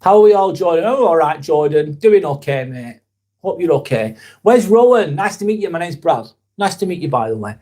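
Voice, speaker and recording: A man's voice: a little high, lively intonation, brisk, mellow. A young man hosts a casual live vlog, talking in an earnest, rambling way and swearing casually. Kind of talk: casual live-stream chat.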